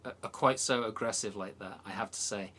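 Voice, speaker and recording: A man's voice: lowish voice, brisk, sharp tone. Worcester-accented man chatting. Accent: English, Worcester. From England. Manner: chatty, encouraging, stumbles on words. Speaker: host. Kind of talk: casual chat.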